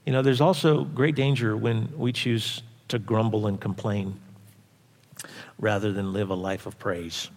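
A man's voice: fairly low pitch, fairly even intonation, unhurried. A man preaching a sermon in a conversational way, often asking the congregation questions. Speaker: pastor. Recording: long hall reverb.

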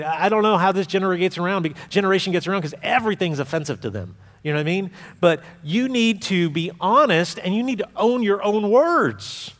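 A man preaching a sermon as a pastor, talking to the congregation in a conversational way that swings between forceful emphasis and quiet asides. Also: sits high. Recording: long hall reverb.

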